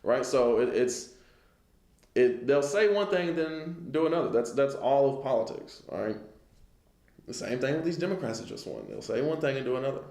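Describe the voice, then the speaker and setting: A man's voice: mid-range voice, expressive, moderate pace, gravelly, a little mellow, echoey room. A man giving a casual lesson on the news, talking it through conversationally and often checking in with listeners. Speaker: Bible class teacher.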